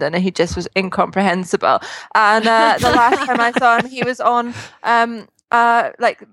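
A woman's voice: medium pitch, fairly bright tone, no echo. A woman from Scotland's East Coast with a Scottish accent, chatting casually as a podcast guest, laughing often and filling with ums. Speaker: guest, equestrian magazine journalist.

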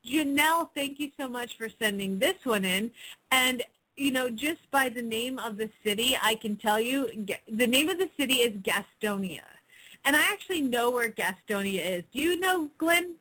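A woman's voice: a little high, expressive, normal speed, sharp tone, slightly rough, low-quality recording. A woman co-hosting a casual chat show, laughing often as she talks. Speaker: co-host.

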